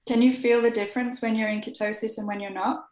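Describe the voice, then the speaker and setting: A woman's voice: a little high, fairly even intonation, quick pace, a little mellow. A woman host asking her guests curious questions in a casual interview. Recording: echoey room.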